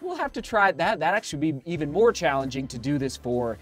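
A man's voice: fairly high pitch, very animated, brisk, faint music behind. A man running a vlog, opening shoe boxes in a hot studio, gasping and exclaiming, a little out of breath. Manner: exclaims and gasps a lot. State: slightly out of breath. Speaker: running vlogger. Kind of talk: excited unboxing vlog.

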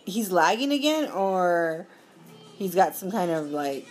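A woman chatting casually as she plays a mobile game, giggly and quick to apologize. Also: on the low side, very animated, a little mellow, soft background music. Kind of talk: casual gameplay commentary.

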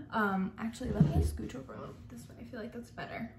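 A woman's voice: on the high side, animated, fast, hardly any pauses, noisy background. A young woman, a makeup artist, chatting casually through a makeup tutorial, gushing and saying "like" a lot. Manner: chatty and gushing, heavy use of "like". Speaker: makeup artist and beauty vlogger. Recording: echoey room.

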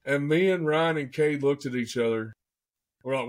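A man, a podcast guest telling a story in an excitable, animated way and often saying "man" and "dude". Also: a little high, moderate pace. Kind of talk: casual storytelling.

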